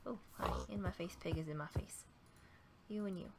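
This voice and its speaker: A woman's voice: on the low side, a little fast. A woman giving casual, playful commentary while playing a game and chatting to the animals on screen. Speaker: gaming video creator. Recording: noisy home recording.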